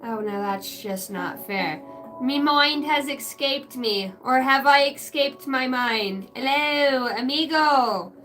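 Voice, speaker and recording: Woman, high voice, bright tone, tarot reader, rambling crude humor, laughs a lot. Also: slow, faint music behind. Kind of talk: casual live tarot reading. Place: backyard shed.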